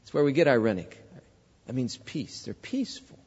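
A man's voice: medium pitch, very animated, normal speed, darkish tone, breathy edge, in a large hall, highs cut off. A male pastor preaching a sermon, conversational, telling a story and asking the congregation questions. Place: church.

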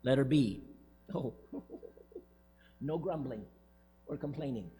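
A man's voice: medium pitch, lively intonation, slow, dark tone. A man preaching a sermon as pastor, emphatic and joking, repeating his key points. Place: church sanctuary, speaking from the pulpit. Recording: long church reverb, faint music.

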